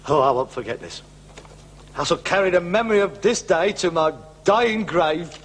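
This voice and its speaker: An actor playing a middle-aged, melodramatic hypochondriac son, theatrical and self-pitying in a sitcom. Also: male voice, high voice, lively intonation, moderate pace, a little hiss or hum. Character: melodramatic hypochondriac grown son, put-upon.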